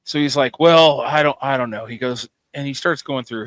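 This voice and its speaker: A man co-hosting a casual podcast, telling a profane, animated story and acting out the dialogue. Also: medium pitch, moderate pace, few pauses, no echo, low-quality recording. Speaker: podcast co-host.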